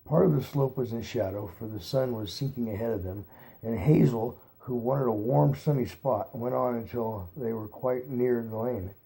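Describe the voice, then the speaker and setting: A man reading a novel aloud at an unhurried pace, correcting his slips as he goes. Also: mid-range voice, creaky, mellow. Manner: unhurried, re-reads stumbles aloud. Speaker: reader.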